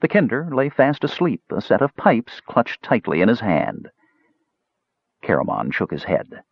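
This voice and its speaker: Low male narrator, husky tone with wide lively pitch, dull lo-fi dry sound. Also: unhurried, no echo. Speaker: audiobook narrator. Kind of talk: storybook narration.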